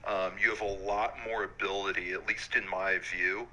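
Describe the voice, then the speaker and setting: A man in his thirties, an Army warrant officer, talking frankly in a relaxed interview with many fillers. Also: deep voice, normal speed, rough recording. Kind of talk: casual interview.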